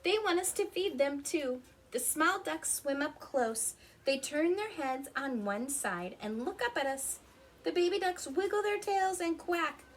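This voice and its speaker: A woman's voice: high-pitched, expressive, unhurried, slight background noise. A woman reading a picture book aloud to young children at home, stopping to ask them questions and imitate animal sounds. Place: her home.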